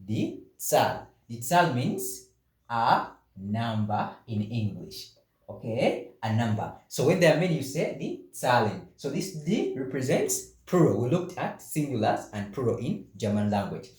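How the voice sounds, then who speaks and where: A man's voice: mid-range voice, sing-song, a little mellow, reverberant. A man teaching a beginner German lesson, saying each word several times and asking learners to repeat after him. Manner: drills words slowly, asks learners to repeat.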